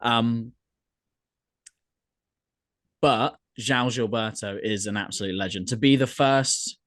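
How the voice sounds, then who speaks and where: A man's voice: mid-range voice, moderate pace, fairly bright tone, no echo. A man hosting a podcast in casual chat, rambling and laughing a lot. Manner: laughs often, rambling, self-correcting. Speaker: podcast host.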